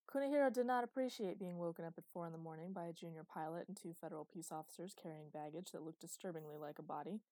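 A woman narrating a story aloud in a steady reading voice. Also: lowish voice, quick pace, few pauses, dry recording. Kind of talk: audiobook narration.

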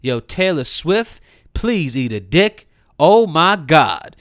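A young man tears through a profane comedic rant, his voice sitting a little high. He swings from sudden loud outbursts to sarcastic mutters. The sound is close and dry, with no room around it. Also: very animated, slow pace, no room sound. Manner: heated, mocking, swinging between loud outbursts and muttered asides. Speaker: commentator.

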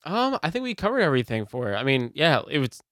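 A man's voice: a little high, very animated, a bit bright, dry recording, studio quality. Laid-back man chatting about a film. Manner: laid-back, halting, laughs often. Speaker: podcast co-host. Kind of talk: casual movie review chat.

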